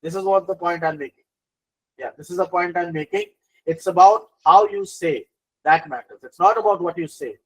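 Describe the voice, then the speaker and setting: Animated man lecturing on business communication. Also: sits high, normal speed, low-quality recording. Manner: animated lecturing, with many fillers and repeated phrases. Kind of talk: live online lecture.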